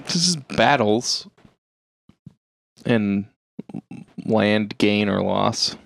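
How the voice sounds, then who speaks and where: Slow, deadpan man on a dry mic. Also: fairly low pitch, vocal fry, dry recording. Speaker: quiz contestant and co-host. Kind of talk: casual podcast banter.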